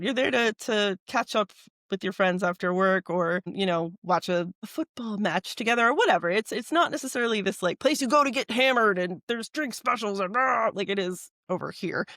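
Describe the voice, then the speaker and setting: A woman's voice: medium pitch, a bit bright, no room sound, clean studio sound. A woman co-hosting a podcast, asking curious questions and explaining things to listeners in a chatty way. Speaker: podcast co-host. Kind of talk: casual podcast conversation.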